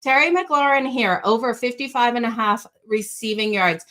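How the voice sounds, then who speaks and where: Bright-voiced woman with a slight Australian accent. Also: on the high side, normal speed. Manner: upbeat, addresses viewers directly. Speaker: sports betting show host. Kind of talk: sports betting picks talk.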